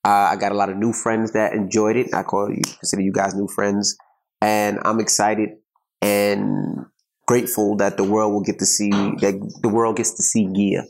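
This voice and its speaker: A man's voice: on the low side, level tone, normal speed, creaky. Rambling middle-aged man hosting a podcast. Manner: rambling, repeats himself while searching for words. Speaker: podcast co-host. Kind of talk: casual chat.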